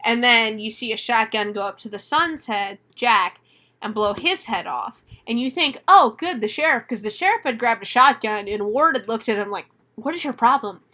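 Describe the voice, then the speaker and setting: A woman co-hosting a casual movie review, retelling the plot in an animated way and acting out the characters' lines. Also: fairly high pitch, normal speed. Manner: animated retelling with laughs and acted-out quotes. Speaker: podcast co-host.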